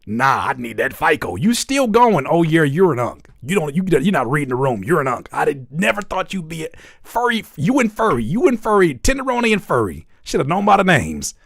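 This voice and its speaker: Animated, profane man hosting a music review stream. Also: on the high side, brisk, gravelly, no echo, studio quality. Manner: profane, animated, mocking jokes and wordplay. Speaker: music reviewer and livestream host. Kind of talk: live music feedback stream, joking and critiquing.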